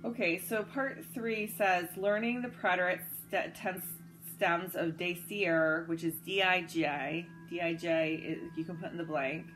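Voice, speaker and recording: A woman's voice: lowish voice, steady tone, measured pace, hardly any pauses, fairly bright tone, soft background music, rough recording. A woman teaching a Spanish grammar lesson, patiently spelling words out letter by letter, with some fillers and self-corrections. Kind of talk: guided notes lesson.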